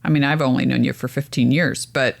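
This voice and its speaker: A woman's voice: very deep voice, fairly quick, gravelly. A woman in her forties co-hosting a casual chat, talking in a chatty way, jumping in to clarify and telling stories. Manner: chatty, clarifying, animated storyteller. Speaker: podcast co-host.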